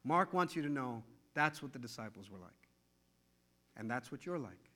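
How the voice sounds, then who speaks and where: A man preaching a sermon as pastor, swinging between loud emphatic peaks and hushed low lines, acting out quoted voices along the way. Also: lively intonation, moderate pace. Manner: acts out quoted voices in conversational asides.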